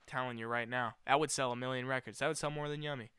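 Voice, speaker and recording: Young guy rambling to camera, excitable and slangy, bright crisp voice, dry close sound. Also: medium pitch, no room sound. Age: young adult. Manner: excitable, slangy, quick swings in loudness. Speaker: vlogger. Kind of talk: casual chat.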